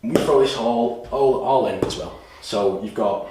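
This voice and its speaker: Energetic man pitching in an echoey room. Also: moderate pace. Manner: energetic, salesy, repeats himself. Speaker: course presenter. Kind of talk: sales pitch presentation. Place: room with a whiteboard. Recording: echoey room, distant mic, faint hiss.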